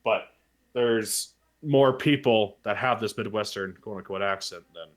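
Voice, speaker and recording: A man's voice: on the low side, unhurried. A man from Canada explaining at length in casual chat, with many restarts. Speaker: podcast co-host.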